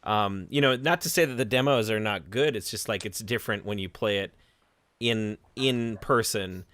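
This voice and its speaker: A man's voice: lowish voice, moderate pace, fairly bright tone, dry recording. A man hosting a casual livestream podcast over a video call, chatty, with frequent laughs and restarts.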